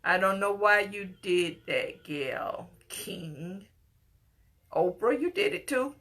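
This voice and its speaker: A woman's voice: medium pitch, big pitch swings, takes it slowly, a bit bright. A middle-aged woman giving an impassioned, scolding personal commentary, at times tearful and pleading. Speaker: commentator reacting to a news story.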